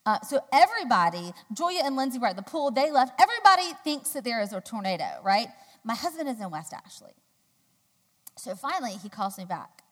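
A woman giving a sermon, telling a personal story in a chatty, animated way with loud, high quoted outbursts. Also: brisk. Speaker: church speaker. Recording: long hall reverb.

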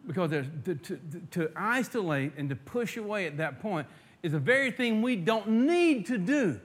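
A pastor preaches a sermon to his congregation, swelling loud and emphatic as he reads scripture and dropping to soft asides. He often restarts and repeats words, speaking at a moderate pace in a high, very animated voice.

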